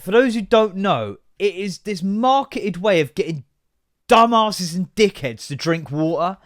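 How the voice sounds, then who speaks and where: A man's voice: sits high, animated, measured pace, no room sound, faint music behind. A young man hosting a podcast, ranting in a sweary, sarcastic, exasperated way. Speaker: podcast host. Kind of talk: comedic solo rant.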